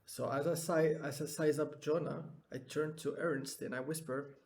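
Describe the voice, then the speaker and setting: A man's voice: on the high side, steady tone, normal speed, creaky, darkish tone. A man playing in a tabletop game, asking questions in a hesitant, inquisitive way. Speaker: player. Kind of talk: tabletop role-play.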